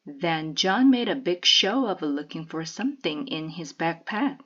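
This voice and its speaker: A woman reading a children's novel aloud in a measured, expressive way. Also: low voice, muffled recording.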